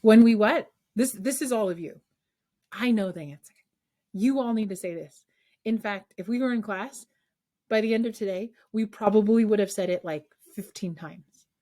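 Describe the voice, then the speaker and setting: A woman's voice: medium pitch, normal speed, dark tone. A woman math teacher leading an online class over a video call, coaxing students with call-and-response questions.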